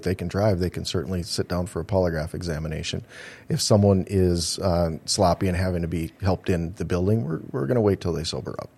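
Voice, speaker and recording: Very deep-voiced careful male guest. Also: creaky, darkish tone, husky. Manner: measured and careful, heavy with ums and uhs. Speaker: polygraph examiner, guest. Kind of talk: casual interview answers.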